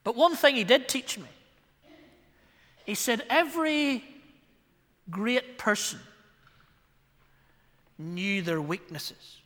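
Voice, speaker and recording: A Northern Irish man preaching in a church, his bright, high voice carrying a long reverb through the hall. He delivers the sermon wryly and with a self-deprecating touch, leaning hard on some words and dropping low on others. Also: expressive, slow pace, long pauses. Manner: wry, self-deprecating, varied emphasis. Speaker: pastor.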